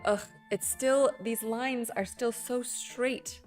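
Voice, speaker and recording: A woman's voice: fairly high pitch, steady tone, slow, soft background music. A woman streaming a building game, chatting with her viewers in a rambling, playful way and laughing often. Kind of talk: casual chat with stream viewers while building.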